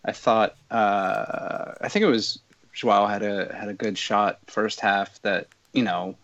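A man on a football podcast who talks in a halting, reflective way and often corrects himself. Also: lowish voice, fairly even intonation, fairly bright tone. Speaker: podcast panelist. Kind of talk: casual football podcast chat. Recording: dull lo-fi audio.

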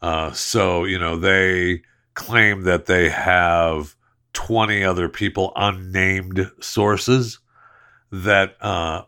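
A man's voice: sits low, fairly even intonation, sharp tone, smooth. A man hosting a podcast, reading an ad and chatting about the news in a jokey, chatty way. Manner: chatty, jokey, drawn-out emphasis. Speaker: podcast host. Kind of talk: casual host-read ad and news chat.

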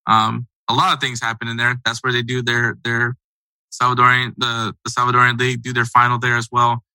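A man's voice: mid-range voice, completely flat delivery, fairly quick, sharp tone, clean tone, dry recording, rough recording. A man hosting a casual sports podcast, talking in a loose, rambling, conversational way. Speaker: podcast host.

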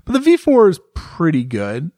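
A man co-hosting a casual podcast, talking fast and acting out other riders' thoughts in short bursts. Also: on the high side, no room sound, studio quality. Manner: animated, acts out riders' thoughts in quick bursts. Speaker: podcast co-host. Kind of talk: casual motorcycle chat.

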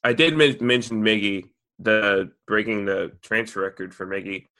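A man's voice: on the low side, steady tone, moderate pace, pushed and bright. A man co-hosting a casual sports podcast, teasing and wry. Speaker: podcast co-host.

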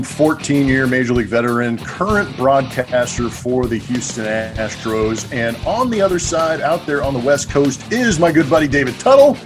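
A middle-aged man co-hosting a podcast, telling rambling, chatty stories from his playing days. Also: mid-range voice. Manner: chatty, rambling anecdotes with restarts. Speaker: podcast co-host, former ballplayer. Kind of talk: casual storytelling chat.

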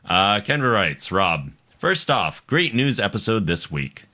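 A man's voice: on the low side, sing-song, measured pace, sharp tone. A man hosting a casual podcast, reading a listener's email aloud, laughing often and stumbling over hard words. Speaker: podcast host.

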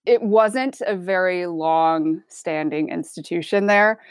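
A woman's voice: on the low side, slow, clean tone, no room sound. A woman from Michigan with a half Midwestern accent, a chef talking casually and candidly in an interview. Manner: relaxed, candid, chatty with filler words. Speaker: chef guest.

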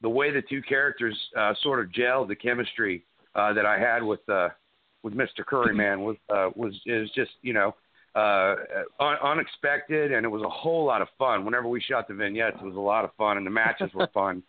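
A man's voice: fairly low pitch, brisk, no echo. A middle-aged man, a wrestler guest, telling stories in a rambling way with many restarts and fillers. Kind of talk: casual interview chat. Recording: tinny phone-like line.

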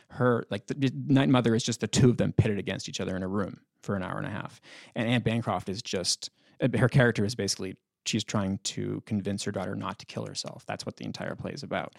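A man's voice: fairly low pitch, vocal fry, darkish tone, no room sound. Chatty, enthusiastic man on a dry mic. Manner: enthusiastic, chatty, laughs often, with many fillers. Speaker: podcast guest, film critic. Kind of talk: casual panel discussion.

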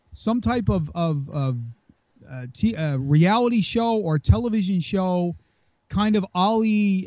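A man's voice: sits high, a little mellow, no echo. A man co-hosting a casual wrestling podcast, rambling and teasing with many restarts. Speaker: podcast co-host.

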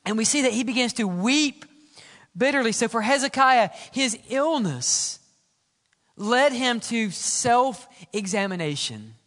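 A man preaching a sermon as pastor, swinging from loud exclamations to hushed, quiet lines. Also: extremely high pitch, lively intonation, measured pace. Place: church sanctuary. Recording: church hall reverb.

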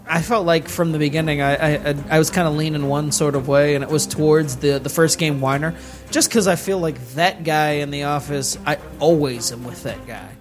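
A man's voice: on the high side, steady tone, normal speed, soft background music. A man co-hosting a casual podcast who jokes and teases the others. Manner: joking, teasing, with lots of filler restarts. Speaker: podcast co-host. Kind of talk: casual chat.

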